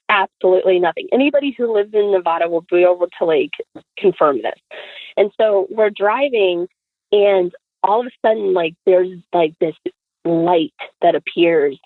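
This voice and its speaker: Chatty woman guest storyteller, tinny dry phone-line sound, lively delivery. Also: lowish voice, dry recording. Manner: chatty, lots of fillers, acts out quotes. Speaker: podcast guest. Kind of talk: animated storytelling.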